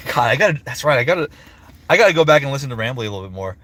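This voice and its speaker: A man's voice: mid-range voice, racing, no echo. A young man hosting his live stream as a voice actor. He answers viewers casually, rambling with fillers and swearing now and then. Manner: lively, swears casually, drops into character voices between answers; rambling with many fillers and restarts.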